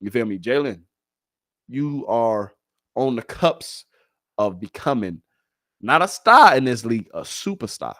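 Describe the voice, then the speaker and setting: Male solo sports-talk host, mid-pitched, animated and slangy, dry close mic. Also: unhurried, pauses often, no echo. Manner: animated, hyped, talks straight to the audience with slang.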